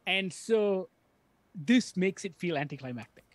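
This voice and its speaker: A man's voice: high voice, expressive, no room sound. A man co-hosting a film podcast, speaking in an earnest, thoughtful way. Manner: earnest, thoughtful, builds points slowly. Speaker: podcast co-host. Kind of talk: casual film discussion.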